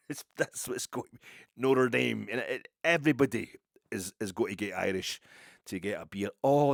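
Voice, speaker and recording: Low-voiced Scottish man rambling. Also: no echo, studio quality. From Ayrshire, Scotland. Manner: rambling, digressive storytelling with many restarts. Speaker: football podcaster. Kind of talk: casual monologue.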